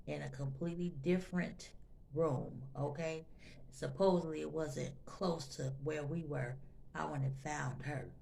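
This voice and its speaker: A woman's voice: deep voice, creaky, a little mellow, slight background noise. A woman vlogger telling a personal story to her viewers in a chatty, emotional way, often talking to them directly and repeating phrases for emphasis. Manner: emotional, intense when recounting.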